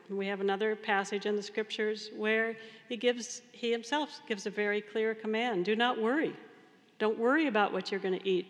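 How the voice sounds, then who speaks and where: A woman's voice: medium pitch, fairly bright tone. Woman priest preaching casually with stories, medium voice, echoing church. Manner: conversational, storytelling preaching. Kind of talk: sermon. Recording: long reverb of a large hall.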